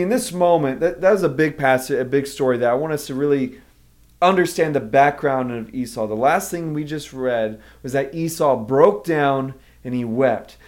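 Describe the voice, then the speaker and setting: A man's voice: mid-range voice, a little mellow. A man preaching a sermon as pastor, earnestly explaining a Bible story to his listeners. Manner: earnest, emphatic teaching, explaining a Bible passage.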